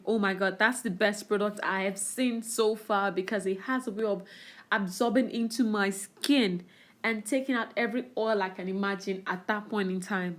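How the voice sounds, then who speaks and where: A woman narrating her makeup tutorial over the footage, walking viewers through each step with enthusiasm. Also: medium pitch. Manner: instructive, enthusiastic. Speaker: beauty vlogger.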